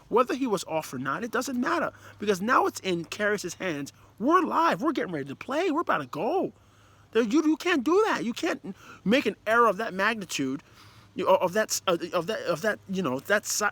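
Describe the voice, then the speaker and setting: A man giving a casual, emphatic and rambling review of a football match, talking as a player and manager. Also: high-pitched. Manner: animated, emphatic, rambling with restarts. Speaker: football commentator.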